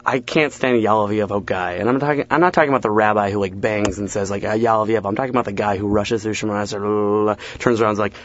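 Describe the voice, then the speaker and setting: A man's voice: lowish voice, fairly even intonation, very fast, few pauses, slight background noise. A young man, a comedian guest in a casual interview, rattling off stand-up jokes with acted-out asides and self-deprecating laughs. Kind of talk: casual interview chat, telling stand-up bits. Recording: dull lo-fi sound.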